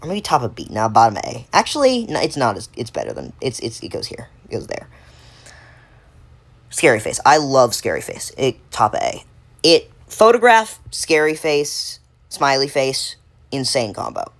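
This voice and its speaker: A woman's voice: a bass voice, huge pitch swings, normal speed, vocal fry. A woman giving casual unscripted commentary while ranking game cards, rambling and correcting herself with lots of fillers.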